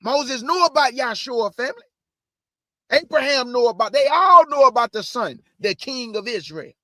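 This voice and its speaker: A man preaching from the Bible, mixing scripture reading with slangy asides and shouted bursts. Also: very high-pitched, animated, moderate pace, no room sound, studio quality. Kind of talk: energetic street-style Bible preaching.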